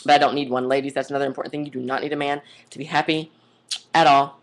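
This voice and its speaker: A woman's voice: rumbling low, little pitch movement, quick pace. A young adult woman vlogging in a casual monologue, chatty and gushing, rambling off onto tangents. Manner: gushing, says "oh my God" and "like" a lot.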